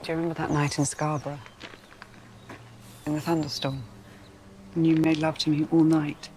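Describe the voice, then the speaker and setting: An actress playing a yearning, lovelorn 19th-century gentlewoman in a period television drama, speaking in a pleading, intimate way. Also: sits low, flat delivery, moderate pace, a little hiss or hum, natural voice.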